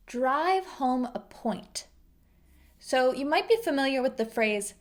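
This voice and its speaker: A woman teaching English idioms to learners, explaining each phrase patiently and clearly and acting out example lines. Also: high voice, animated, slow.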